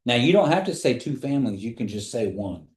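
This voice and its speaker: A man's voice: medium pitch, sing-song, a little mellow. Patient male language teacher, echoey room. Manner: patient, repeats phrases slowly for students. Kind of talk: classroom language lesson. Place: classroom.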